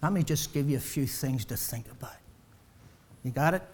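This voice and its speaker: A man's sermon to his congregation swings between loud, emphatic surges and quiet low passages, punctuated by repeated rhetorical questions. He speaks at a moderate pace in a husky voice and gradually gets winded.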